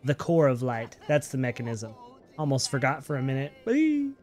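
A man's voice: mid-range voice, steady tone, brisk, a little mellow, faint music behind. A man hosting a gaming channel, giving upbeat, chatty let's-play commentary and talking playfully to his viewers.

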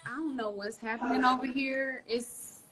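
A woman hosting a casual live video call from her phone at home, bubbly with loud bursts of excitement. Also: high voice, normal speed, over loud music. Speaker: host. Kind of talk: casual live-stream chat. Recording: phone audio with background noise.

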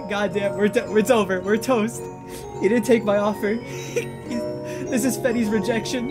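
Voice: mid-range voice, drawn-out words, long pauses. A streamer playing a horror game live, panicking, swearing, giggling nervously and greeting chat between scares. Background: game music and sounds.

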